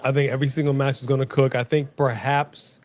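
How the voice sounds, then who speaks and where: Man, mid-pitch, chatty livestream co-host. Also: fairly quick. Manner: chatty, animated, addresses the chat. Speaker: co-host of a wrestling watch-along. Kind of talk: casual live-stream chat.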